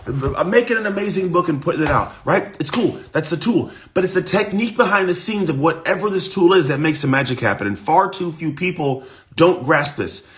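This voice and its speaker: Male coach with a rough morning voice, pitched a bit high, energetic motivational livestream. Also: a little fast. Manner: energetic, repetitive, talks straight to viewers. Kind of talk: live-streamed motivational talk.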